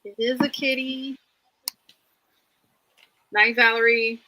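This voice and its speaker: A chatty woman co-hosts a relaxed livestream. She laughs often and greets viewers by name in a casual, easygoing way. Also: a little high, slow pace, low-quality recording. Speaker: livestream co-host.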